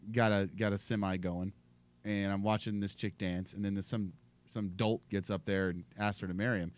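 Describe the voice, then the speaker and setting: A man's voice: lowish voice, a little mellow. A man co-hosting a comedy podcast, rambling through crude jokes with lots of restarts and repeated words. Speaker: podcast co-host.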